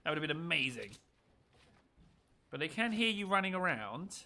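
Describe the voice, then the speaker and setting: A man's voice: a little high, big pitch swings, fairly quick, bright, forceful tone. A man giving casual, joking, self-mocking commentary over a video game match.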